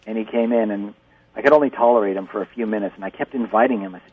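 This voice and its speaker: A man, a spiritual teacher, tells a story as a guest. He speaks gently and laughs often, his voice very husky and a bit low. He sounds distant, coming through a tinny phone line. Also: animated, quick pace. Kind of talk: casual storytelling.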